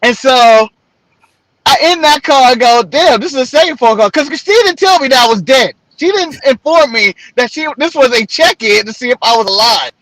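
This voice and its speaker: A man's voice: extremely high pitch, lively intonation, normal speed, a bit bright, poor audio. A man co-hosting a podcast, telling a long story in casual chat, acting out the phone calls in quoted voices and laughing often. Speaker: podcast co-host.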